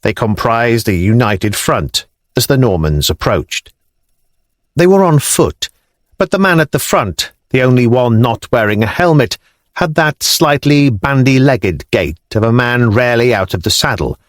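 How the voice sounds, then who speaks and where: A male audiobook narrator reading in a measured, expressive manner, his pitch rising and falling freely. The recording is dry and close, with no room sound. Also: dry recording. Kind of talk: scripted narration.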